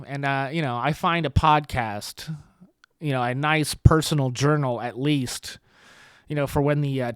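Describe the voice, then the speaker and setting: Brief: American male podcaster, sarcastic rambling rant, very animated pitch, dry close sound. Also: smooth, dry recording. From United States. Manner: sarcastic, rambling, self-mocking. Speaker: podcast host. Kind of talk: solo podcast monologue.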